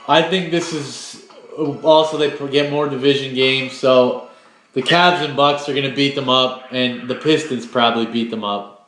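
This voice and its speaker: A man's voice: mid-range voice, fairly even intonation, moderate pace, fairly bright tone, roomy sound, soft background music, rough recording. A man co-hosting a sports podcast, blunt and opinionated in casual chat. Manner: blunt, opinionated, runs the segment. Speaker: podcast co-host.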